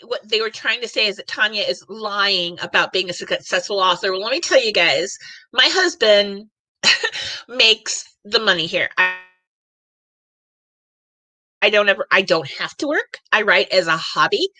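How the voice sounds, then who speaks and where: Bright-voiced emotional woman host. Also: mid-range voice, lively intonation, moderate pace, dry recording. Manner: emotional, rambling, many fillers. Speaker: podcast host. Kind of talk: live panel show chat.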